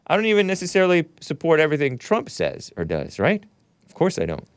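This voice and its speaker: A man's voice: on the high side, huge pitch swings, quick pace, no room sound. A male talk show host riffing casually, joking asides to viewers and reading out chat comments.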